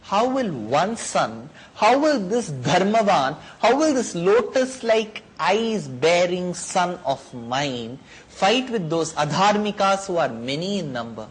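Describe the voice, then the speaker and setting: An anxious old king pleading for his son, as voiced by a man. His lines come out slow and worried, with the unease showing in how he asks. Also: high voice, very animated, full character voice, low-quality recording. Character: worried elderly father king.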